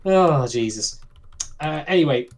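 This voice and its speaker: A man's voice: fairly high pitch, lively intonation, a little slow. A man co-hosting a podcast, recapping anime episodes in a chatty, swearing style, often laughing as he talks. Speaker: podcast co-host. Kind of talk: casual anime discussion.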